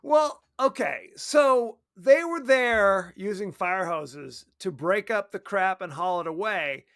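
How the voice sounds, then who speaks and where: A man co-hosting a casual movie podcast, animated and acting out characters' lines. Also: sits high, slow pace, vocal fry. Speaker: podcast co-host.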